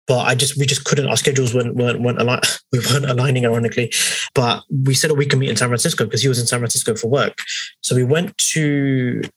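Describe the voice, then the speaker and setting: Fast-talking London man, husky voice. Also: mid-range voice, dry recording, poor audio. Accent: London English. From England. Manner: animated, swearing, acts out voices in quotes. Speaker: podcast co-host. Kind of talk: casual storytelling chat.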